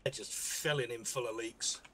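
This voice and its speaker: A man's voice: medium pitch, fairly even intonation, normal speed, a bit bright, a little hiss or hum. A man co-commentating a naval game match in a chatty way, often ending with tag questions. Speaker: tournament co-commentator.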